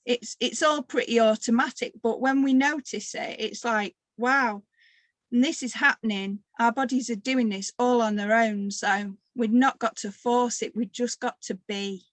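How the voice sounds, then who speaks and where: A tired woman leading a guided meditation workshop, talking gently with long pauses. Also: fairly high pitch, fairly even intonation, no room sound. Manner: slow, gentle guiding with pauses. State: tired, occasional coughing. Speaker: workshop leader.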